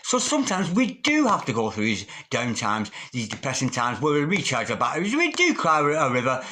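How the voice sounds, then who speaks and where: A man's voice: medium pitch, wildly swooping pitch, a little fast, bright, forceful tone. A man giving a tarot reading in a theatrical, sing-song manner, calling the listener darling. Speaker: tarot reader.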